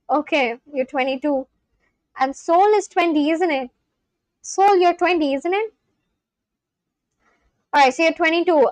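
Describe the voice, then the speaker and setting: High-voiced chatty woman streamer. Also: no echo, low-quality recording. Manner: chatty, reads out and answers chat, laughs often. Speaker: live-stream host. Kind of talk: casual live-stream chat.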